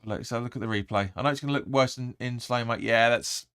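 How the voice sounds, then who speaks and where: A man hosting a live football watch-along, rambling through the play and sometimes shouting at the players. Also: mid-range voice, fast talker, clean tone, no room sound, studio quality. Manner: rambling, restarts often, erupts when urging players. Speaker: fan channel host.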